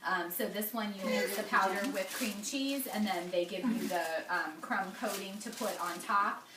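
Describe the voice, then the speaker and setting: A woman's voice: mid-range voice, moderate pace, over a noisy crowd. A woman leading a product tasting meeting, talking casually with many ums in a friendly way. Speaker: meeting leader. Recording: echoey, distant, noisy room.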